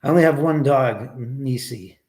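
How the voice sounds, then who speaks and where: A man's voice: mid-range voice, unhurried, darkish tone. A man hosting a casual livestream from his house, rambling and swearing freely as he talks to his dog and answers viewers. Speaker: livestream host. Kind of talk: casual live-stream chat.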